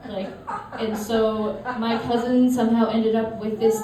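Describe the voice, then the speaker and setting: A woman's voice: a little high, level tone, measured pace, hardly any pauses, crowd noise. A woman in her thirties from suburban Massachusetts, casually telling anecdotes on stage with a chatty manner and frequent laughs. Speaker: storyteller. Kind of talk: live stage storytelling. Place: live show venue. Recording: echoey room, mic from far off.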